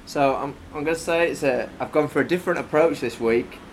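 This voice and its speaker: A man's voice: on the high side, fairly quick, a little hiss or hum. A young man co-hosting a podcast, telling stories playfully and laughing often. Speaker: podcast co-host. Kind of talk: casual chat.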